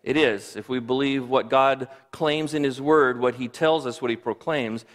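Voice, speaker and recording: Pastor, male, mid-pitched voice, joking asides between readings, long hall reverb. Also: normal speed. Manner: playful asides while reading names aloud. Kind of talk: sermon. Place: church sanctuary.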